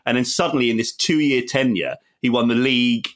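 A man's voice: medium pitch, brisk, a bit bright. A man appearing as a guest on a podcast, chatting casually in an enthusiastic, emphatic way. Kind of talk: casual chat.

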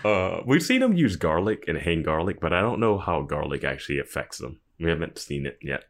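Deep, lively-pitched podcast co-host. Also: male voice, a little fast. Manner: jokey, animated reactions, laughs a lot. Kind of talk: casual recap chat.

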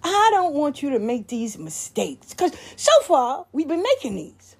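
A woman's voice: high-pitched, very animated, unhurried. A woman telling personal stories and giving life advice in a candid, profane way, full of slang. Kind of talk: casual storytelling talk.

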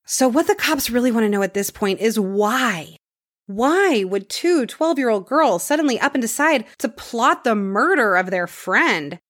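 A woman's voice: fairly high pitch, expressive, a little slow, a bit bright, no echo, clean studio sound. A woman hosting a podcast, telling a true crime story in a casual conversational way and dropping her voice for grim details.

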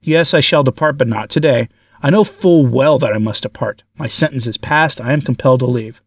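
A tormented demon in a spoken story, read by a man, shrieking and laughing in defiance. The pitch sits in the middle. The sound is dry and set back from the microphone. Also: fairly quick, husky, no room sound. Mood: defiant. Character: tormented male demon forced to confess. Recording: dry, from far off the mic.

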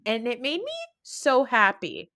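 This is a woman hosting a casual podcast, recapping a reality TV episode with her co-host. Her pitch swings widely and expressively, she laughs easily, and she keeps mimicking the cast as she retells the scenes. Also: sing-song, a little slow, bright, forceful tone.

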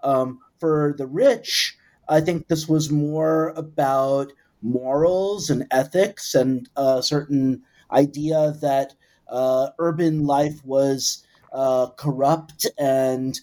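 A man in an interview, laying out historical background in a measured, thoughtful way with frequent pauses. His voice sits in a middle pitch with an ordinary delivery. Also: steady tone, darkish tone. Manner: measured, hesitant with fillers. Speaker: expert guest. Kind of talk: explanatory interview answers.

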